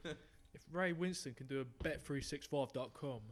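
A man's voice: a little high, normal speed, heavy background noise. A man co-hosting a podcast in casual chat, teasing and bantering with his friend. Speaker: podcast co-host.

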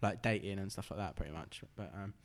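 A man's voice: sits low, quick pace. A young man, a podcast co-host in casual banter who jokes, laughs often and reads a news story aloud. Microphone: studio microphone with headphones.

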